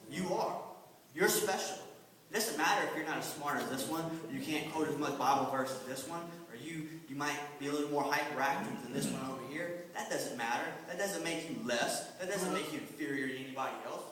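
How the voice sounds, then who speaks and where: A man's voice: mid-range voice, fast talker, hardly any pauses, a bit bright. A man who teaches a children's church class, giving an earnest testimony with lots of repetition for emphasis. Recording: echoey hall from far off.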